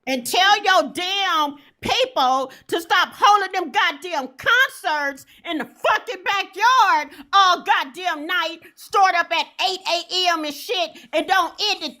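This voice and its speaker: A woman calling into a live stream, ranting with slow, drawn-out insults and constant cursing. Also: very high voice, pushed and bright. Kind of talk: profane ranting.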